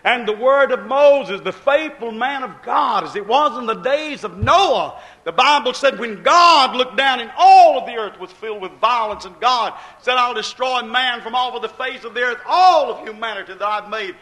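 A male preacher giving a sermon, retelling scripture in folksy dialect and dropping low, then rising loud, when quoting God. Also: expressive, moderate pace, few pauses. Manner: storytelling preacher who acts out God's voice low and rising loud.

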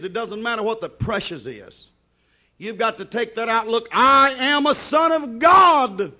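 High-pitched man preaching with wild swings. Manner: swings between hushed asides and shouted declarations; repetitive, emphatic preaching cadence. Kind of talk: sermon.

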